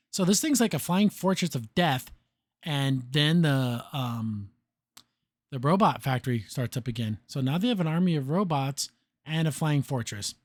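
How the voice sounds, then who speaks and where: A man hosting a podcast, recapping an episode in a loose, filler-heavy way and acting out characters' lines in quick put-on voices. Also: mid-range voice, dry recording. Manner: filler-heavy, restarts often. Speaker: podcast host reviewing a cartoon.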